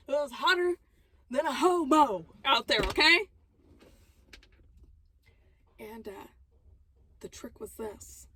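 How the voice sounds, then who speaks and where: A woman with children telling a personal story in casual vlog style, animated, with loud laughing outbursts and hushed asides. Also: fairly high pitch, takes it slowly, pauses often, slight background noise, rough recording. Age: adult with children. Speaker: vlogger.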